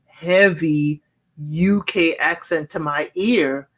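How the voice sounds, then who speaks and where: An American speaker with West Indian roots co-hosting a casual chat, explaining things in a measured way with frequent fillers. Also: medium pitch.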